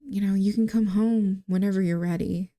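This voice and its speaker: Woman voicing a gentle, reassuring dad and husband in a life-sim game; mellow, soft-spoken. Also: mid-range voice, steady tone, moderate pace, natural voice.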